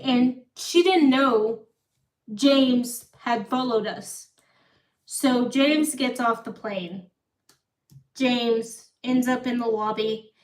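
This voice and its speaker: A young woman hosting a livestream, telling a long personal story casually, circling back and repeating herself. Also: a little high. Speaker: livestream host. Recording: echoey room, far from the mic.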